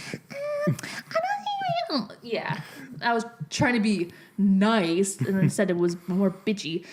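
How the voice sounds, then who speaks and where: A young woman on a podcast, telling a story in a rambling way, full of "like" and quick laughs. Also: mid-range voice, slight background noise. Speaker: podcast co-host. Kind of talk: casual chat, storytelling.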